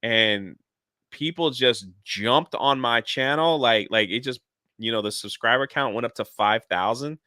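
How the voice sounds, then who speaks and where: Bright, animated man telling a story. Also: mid-range voice, measured pace, dry recording, studio quality. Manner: animated, jumps into quoted voices. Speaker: YouTuber guest. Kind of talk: casual storytelling on a livestream. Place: lives near a theme park in Florida.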